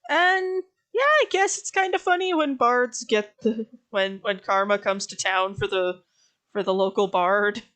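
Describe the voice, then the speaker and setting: A woman's voice: medium pitch, unhurried, fairly bright tone. A woman hosting an art stream, chatting casually with a friend, laughing easily and joking loosely. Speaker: streamer host.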